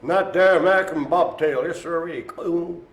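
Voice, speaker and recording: A man's voice: fairly high pitch, normal speed, highs cut off. A man calling bingo live in a care home, chatty and playful, joking with the room. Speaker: bingo caller. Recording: echoey room.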